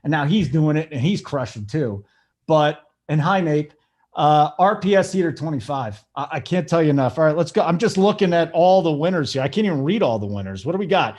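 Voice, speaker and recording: A man hosting a casual sports betting show, hyped and joking as he gives shout-outs. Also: fairly high pitch, lively intonation, fairly quick. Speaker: show host.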